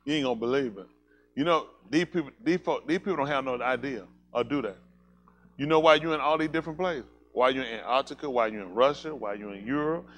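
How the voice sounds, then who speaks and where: A male pastor delivering a fiery sermon at a rapid clip, his speech tumbling out quickly. He talks colloquially and emphatically, hammering home points with repeated calls to listen. He keeps throwing rhetorical questions at his congregation. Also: medium pitch, fairly bright tone, slight background noise.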